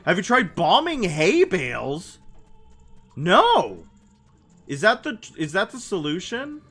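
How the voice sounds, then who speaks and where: Young male streamer, bright tone, slow unhurried delivery, rambling chat with viewers. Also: high voice, huge pitch swings, breathy edge, faint music behind. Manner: meandering, answers chat messages aloud. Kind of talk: casual gaming livestream chat.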